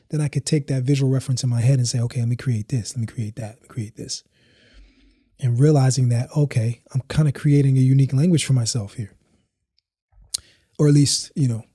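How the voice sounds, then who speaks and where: A man's voice: mid-range voice, mellow, slightly rough, no room sound, clean studio sound. A man, a house dancer guesting on a podcast, telling his story in a laid-back, slangy, rambling way and acting out what his friends said.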